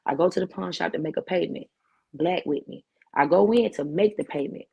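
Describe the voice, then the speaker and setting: A woman's voice: on the low side, fairly quick, gravelly, mellow, breathy edge. A woman who is a talk show guest, telling her life story vividly with street slang and lots of repetition.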